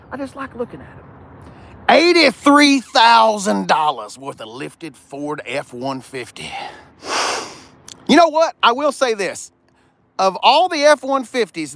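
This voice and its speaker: This Southern car vlogger has a high, slightly bright voice. He's at a car lot filming a casual vlog, joking around, wandering off topic and rambling as he goes.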